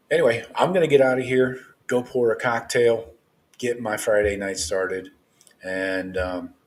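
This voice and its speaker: Deep-voiced man hosting casual sports chat. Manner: loose, rambling, partisan fan talk. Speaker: live show host.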